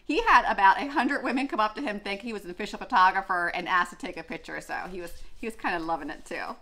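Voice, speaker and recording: Young woman vlogger, chatty and gushing, bright forward tone. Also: mid-range voice, fast. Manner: chatty, gushing, many fillers and restarts. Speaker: running vlogger. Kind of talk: casual chat.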